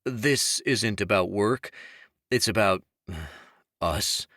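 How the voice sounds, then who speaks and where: A male audiobook narrator voicing a steady young officer who asks someone out in an earnest, measured way. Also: on the low side, no room sound, clean studio sound, full character voice. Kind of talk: audiobook character voice.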